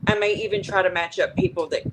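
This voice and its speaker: A woman's voice: mid-range voice, steady tone, quick pace. A woman hosting a casual live chat from home, explaining plans with lots of ums and you-knows. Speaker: host of a live chat stream. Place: home room by a fireplace with a fan running. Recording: noisy home recording.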